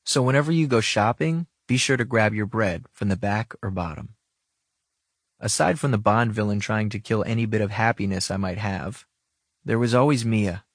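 A man's voice: lowish voice, no echo, clean studio sound. A man narrating a first-person story with wry, casual asides.

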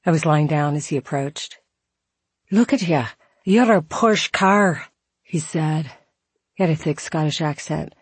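A woman's voice: deep voice, gravelly, a little mellow, breathy edge, dry recording. A woman reading her own memoir aloud in a reflective, wry manner, close to the mic. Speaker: memoir narrator.

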